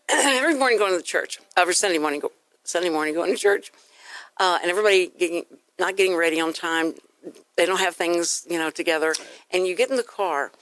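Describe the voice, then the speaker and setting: A woman's voice: fairly low pitch, dry recording, poor audio. A woman hosting a radio talk show, telling anecdotes and acting out the voices in them. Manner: animated storyteller, acts out voices in anecdotes. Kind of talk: casual radio chat.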